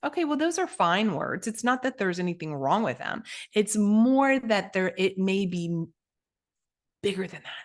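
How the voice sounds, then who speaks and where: A woman hosting her own podcast as a coach, teaching in a direct, energetic way with many asides and quick restarts. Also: medium pitch.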